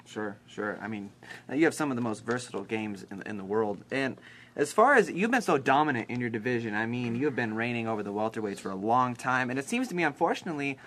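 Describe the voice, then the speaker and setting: A man's voice: medium pitch, animated, fast talker, a bit bright, slight background noise. A man interviewing a fighter in a casual, enthusiastic way, often saying "nice".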